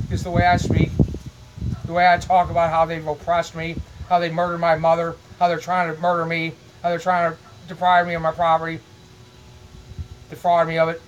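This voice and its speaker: Middle-aged man vlogging from his home: high, monotone, aggrieved, restarting his sentences as he goes. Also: very noisy. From Illinois, US. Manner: repeats words, restarts, aggrieved. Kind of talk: rambling monologue to camera.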